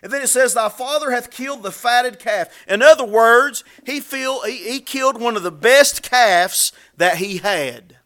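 A man preaching a sermon in a folksy, conversational way, with repetitions and asides, growing louder when he acts out scripture. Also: a little slow, few pauses. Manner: rises in pitch and volume when dramatizing scripture.

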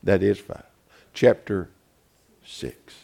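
A man preaching a fiery sermon, swinging from shouted, tearful peaks to low, quiet stretches. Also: expressive, takes it slowly, vocal fry. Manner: rising to shouted, tearful crescendos, then dropping low.

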